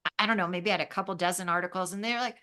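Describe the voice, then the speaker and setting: A woman in her fifties from Los Angeles, a travel writer telling stories in an interview, animated and acting out the voices she quotes. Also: fairly low pitch, racing. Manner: animated, acts out quoted voices, laughs often. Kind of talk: casual storytelling in an interview.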